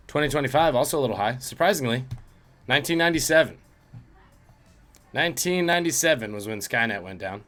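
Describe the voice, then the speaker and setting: A man's voice: mid-range voice, a bit bright. Jokey man hosting a streamed trivia quiz. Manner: jokey, reads out questions and chat guesses. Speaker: trivia host.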